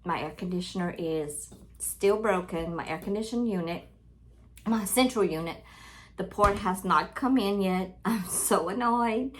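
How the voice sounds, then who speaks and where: A woman's voice: mid-range voice, unhurried, slight background noise. A middle-aged woman from Louisiana with a Cajun accent, chatting casually to her viewers during an unboxing at home. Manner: chatty, calls viewers y'all, easily distracted. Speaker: crafting channel host.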